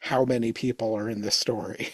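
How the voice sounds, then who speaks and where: A man chatting casually on a podcast, relaxed and hedging, often saying "like". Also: mid-range voice, fairly quick, breathy edge, dry recording. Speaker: podcast host.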